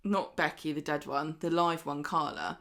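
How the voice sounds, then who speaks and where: A woman co-hosting a podcast, chatting casually and acting out characters in quick mocking voices. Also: sits low. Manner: lively, mocks characters in put-on voices. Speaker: podcast co-host. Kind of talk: casual chat recapping a soap.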